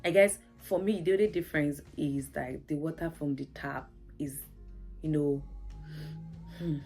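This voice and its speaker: A woman's voice: low-pitched, steady tone, unhurried, darkish tone, soft background music. A Nigerian woman vlogging in a casual, chatty, storytelling way, laughing often and saying "like" a lot. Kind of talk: casual chat to camera.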